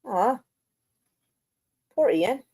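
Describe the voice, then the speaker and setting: A woman's voice: a little high, animated, extremely slow, warm tone, breathy edge, no echo. A woman hosting a casual live stream, rambling offhand and swearing now and then. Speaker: streamer host.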